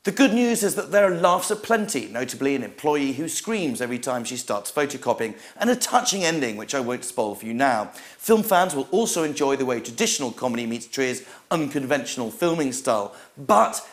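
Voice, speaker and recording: A man hosting a comic film and snack review, speaking in a theatrical, mock-grand manner. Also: medium pitch. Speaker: host and reviewer.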